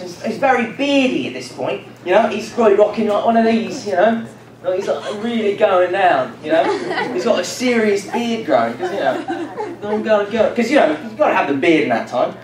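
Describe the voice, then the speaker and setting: A man's voice: high voice, lively intonation, normal speed, crowd noise. A young man retelling a Bible story to a youth group in a casual, rambling, joking way with lots of fillers. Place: church youth room. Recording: echoey room from far off, noisy.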